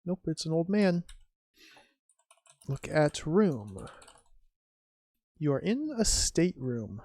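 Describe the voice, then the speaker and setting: Mellow and mid-range, the voice swings widely in pitch as a streamer casually plays through an old adventure game. There's a wry, musing quality, with typed commands voiced slowly and game text read out loud.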